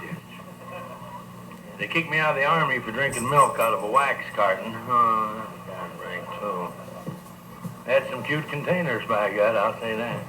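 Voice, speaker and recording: Bawdy folksy comedian telling barracks jokes. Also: male voice, mid-range voice, pushed and bright, a little hiss or hum, low-quality recording. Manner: folksy, bawdy storyteller talking to the crowd. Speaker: stand-up comedian. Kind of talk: live stand-up joke telling.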